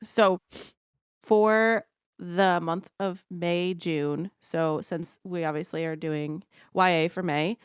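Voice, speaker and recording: A woman's voice: on the low side, fairly even intonation, takes it slowly, clean tone, no room sound, studio quality. A young woman co-hosting a casual podcast chat, swearing freely and repeating herself. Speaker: podcast co-host.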